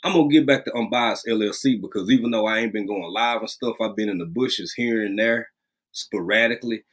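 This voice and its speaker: A man hosting a casual livestream from a rural home, greeting viewers by name and talking in a lively, drawling way, repeating phrases. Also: fairly low pitch, a little fast. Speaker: livestream host.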